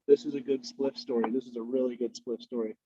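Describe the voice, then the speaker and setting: A man's voice: mid-range voice, steady tone, fast, mellow, highs cut off. A man guesting on a podcast, chatting casually and telling rambling, laid-back stories while he smokes. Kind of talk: casual chat while smoking.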